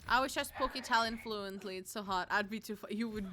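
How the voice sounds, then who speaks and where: A woman's voice: mid-range voice, brisk, pushed and bright, slight background noise. A young woman streaming a game, chatting playfully with viewers and slipping into Spanish. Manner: playful, giggly, switches into Spanish. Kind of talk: casual gaming stream chat.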